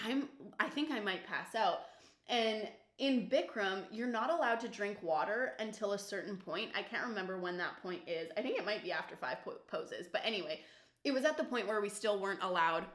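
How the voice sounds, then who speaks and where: A woman's voice: mid-range voice, pushed and bright. A young woman vlogger telling a story while doing her makeup, casual, full of fillers and swearing. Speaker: beauty vlogger. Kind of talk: chatty get-ready-with-me storytime. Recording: roomy echo.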